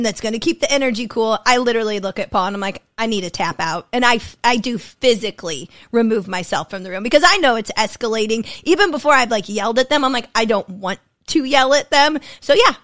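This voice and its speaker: A woman's voice: fairly high pitch, fast, few pauses, dry recording. A woman co-hosting a podcast, chatting candidly and laughing easily as she shares home stories. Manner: candid, laughing, relaxed anecdotes. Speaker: podcast co-host. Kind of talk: casual chat.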